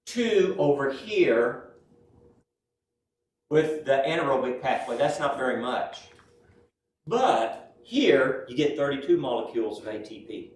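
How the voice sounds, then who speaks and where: A man's voice: medium pitch, darkish tone. A man lecturing a class in a chatty way, mixing personal anecdotes into the lesson and tagging his sentences with "right?" and "yes?". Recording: roomy, distant mic, faint room noise.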